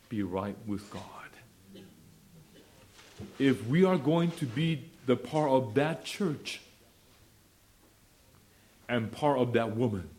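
A man preaching a sermon and leading a prayer, swinging between quiet asides and loud, fervent declarations. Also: medium pitch, slight background noise. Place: church fellowship meeting.

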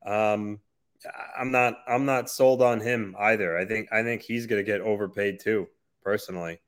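A man's voice: on the low side, fairly even intonation, normal speed, a bit bright. A man co-hosting a casual podcast chat, agreeing readily and adding his views with plenty of fillers. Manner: agreeable, with short affirmations and hedging fillers. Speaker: podcast co-host.

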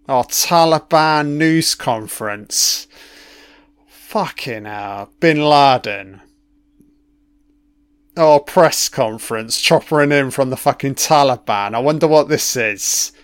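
Man, mid-pitched, dry sound; casual reaction commentary, blunt and profane, muses out loud. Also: slow, clean tone, no room sound. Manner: profane, blunt, thinking aloud. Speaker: commentator reacting to archival broadcast.

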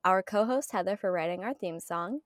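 A woman with a Southern US accent hosting a casual podcast chat, animated and quick to laugh. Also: mid-range voice, dry recording, studio quality. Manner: animated, laughs often, fond of mimicking. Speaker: podcast host.

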